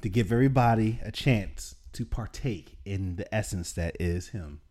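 A man's voice: lowish voice, normal speed, darkish tone. A man co-hosting a podcast in casual chat, telling stories with chuckles. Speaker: podcast co-host.

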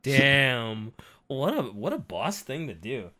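Bright, wildly expressive podcast co-host. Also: medium pitch, takes it slowly. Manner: reactive, exclaims and slangy. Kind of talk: casual chat.

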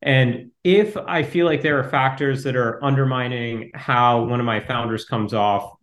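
A man answering interview questions as a startup investor, talking quickly and in a fairly flat way. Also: mid-range voice. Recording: roomy echo.

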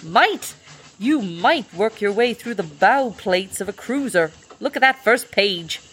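A woman's voice: medium pitch, expressive, unhurried, fairly bright tone, a little hiss or hum, pitched above the performer's own voice. A woman reading the lines of a brash young male American newspaperman who blusters and complains indignantly.

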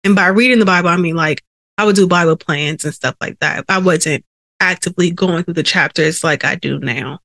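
A woman with a fairly low, fairly bright voice hosts a faith podcast, sharing her personal testimony earnestly and conversationally at a slightly quick pace. The recording has no room sound, and a sensitive microphone picks up her held breaths and sighs.

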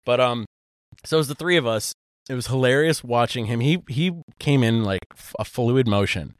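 A man co-hosting a podcast in relaxed, casual chat. He rambles and restarts often, filling pauses with "um" and "like." His voice is smooth and resonant, and it sounds close and dry. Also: mid-range voice, dry recording. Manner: rambling with many fillers and restarts. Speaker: podcast co-host.

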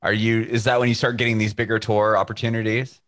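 A man asking relaxed, curious questions as the interviewer in a casual video-call chat. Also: on the low side, quick pace.

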